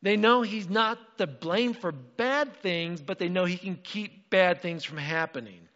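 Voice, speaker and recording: A man preaching a sermon as pastor, animated and acting out the voices in the story. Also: high voice, a little slow, big-room sound, dull audio. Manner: animated, acts out quotes.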